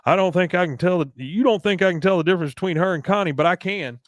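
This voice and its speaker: A man's voice: high voice, fast, no room sound, voice pushed up, lightly acted. A man voicing a stern middle-aged cartoon father in a scolding tone, reading his lines in a recap.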